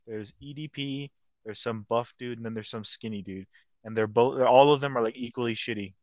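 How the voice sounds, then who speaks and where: A man's voice: medium pitch, a little fast, a little mellow. A young man co-hosting a casual podcast chat, rambling in slang, stumbling over words and acting out quotes. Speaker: podcast co-host.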